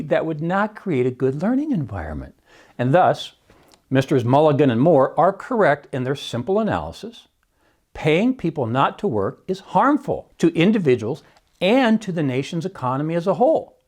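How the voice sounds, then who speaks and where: A man's voice: a little high, a little mellow. A man, an economics professor, giving prepared podcast commentary in an emphatic way, often opening points with "See," and adding wry asides.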